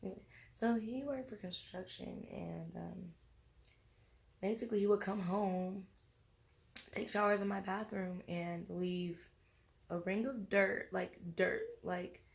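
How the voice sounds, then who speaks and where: A young woman tells a story to camera while tipsy. Her voice has a gravelly, fry-laden edge at a middle pitch. She acts out quotes in an animated, slangy way. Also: a little slow. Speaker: vlogger. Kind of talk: casual storytime monologue.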